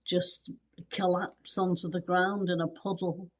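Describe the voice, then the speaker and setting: A woman co-hosting a podcast, telling lively anecdotes, acting out the dialogue and laughing often. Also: lowish voice, a little slow. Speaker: podcast co-host. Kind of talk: casual chat.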